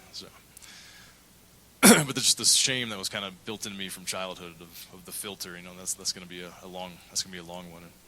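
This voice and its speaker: A man's voice: fairly low pitch, pushed and bright, poor audio. A middle-aged male pastor preaching a sermon, telling a candid personal story and acting out the quotes. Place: church.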